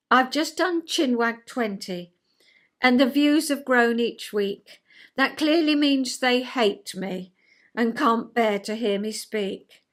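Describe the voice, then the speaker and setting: Chatty older woman, slow and high. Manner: chatty, self-mocking, lively. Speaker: vlogger. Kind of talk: reading a rhyming poem, then casual chat.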